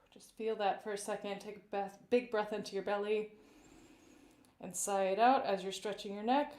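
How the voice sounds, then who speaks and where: A woman vocal coach leading a live-streamed warm-up, speaking gently and encouragingly and greeting viewers by name. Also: medium pitch. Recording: roomy echoey live-stream audio.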